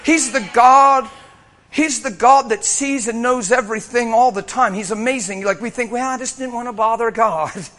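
A man preaching a sermon, telling a story with animated bursts of shouting and laughter. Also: very high-pitched, moderate pace.

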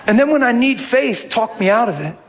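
A male pastor telling a story in a sermon, animated, dropping low and then rising to shouts. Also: fairly quick, a loud crowd.

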